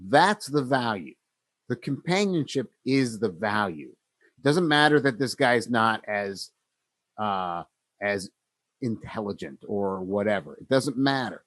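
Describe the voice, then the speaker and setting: A man's voice: fairly low pitch, expressive, a little slow, fairly bright tone, dry recording. A man co-hosting a podcast, retelling story scenes in a casual way and acting out the characters' lines. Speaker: podcast co-host.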